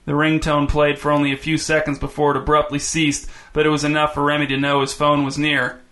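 A man's voice: on the high side, completely flat delivery, brisk, sharp tone. A man reading a story aloud in scripted narration, with a dry, wry delivery.

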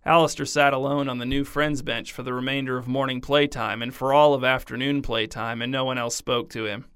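A man narrating a story in a deadpan, scripted reading. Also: mid-range voice, fairly quick, smooth, no room sound, clean studio sound.

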